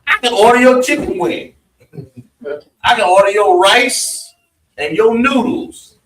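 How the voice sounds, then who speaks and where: A man's voice: high-pitched, measured pace, fairly bright tone, echoey room. A man at a religious meeting who tells a rambling story and often affirms the speaker. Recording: mic far off.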